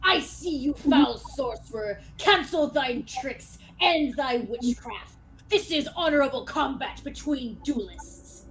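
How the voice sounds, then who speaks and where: A woman voicing a boastful skeleton knight who demands honorable combat, speaking in booming archaic challenges. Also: expressive, takes it slowly, fairly bright tone, full character voice, rough recording. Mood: indignant.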